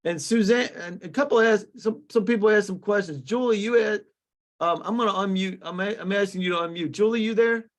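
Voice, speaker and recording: A man's voice: high-pitched, fairly quick. A man hosting a webinar over a video call, upbeat and jokey, talking casually with plenty of restarts. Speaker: webinar host.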